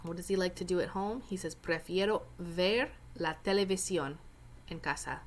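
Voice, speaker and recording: A woman's voice: fairly low pitch, normal speed, a little hiss or hum. A woman teacher explaining a Spanish reading step by step, with chatty joking asides. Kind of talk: recorded lesson walkthrough.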